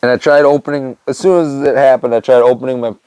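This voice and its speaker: A man's voice: medium pitch, fairly even intonation, quick pace, dark tone, clean tone, no echo, poor audio. A young man, a podcast host, telling a personal story in a loose, rambling way, full of fillers like "man" and "you know.". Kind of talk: casual storytelling monologue.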